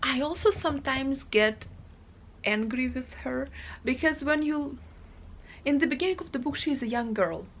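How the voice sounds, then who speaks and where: A woman chatting casually in a reading vlog, emotional and animated as she talks about a book. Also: high-pitched, normal speed. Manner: emotional, animated, acts out characters in quoted asides. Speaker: book vlogger.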